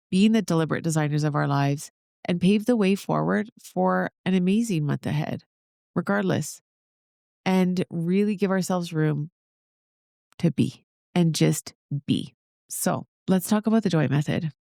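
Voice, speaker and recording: Woman podcast host, solo talk, upbeat and encouraging, slight vocal fry, dry close sound. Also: on the low side, darkish tone, no echo. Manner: upbeat, encouraging, talks straight to listeners.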